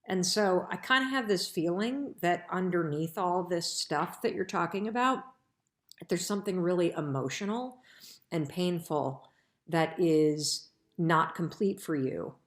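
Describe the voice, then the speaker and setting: A woman's voice: fairly low pitch, unhurried. A middle-aged woman hosting a live stream, giving earnest, emphatic advice straight to her listeners. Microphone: live-stream broadcast mic. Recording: echoey room.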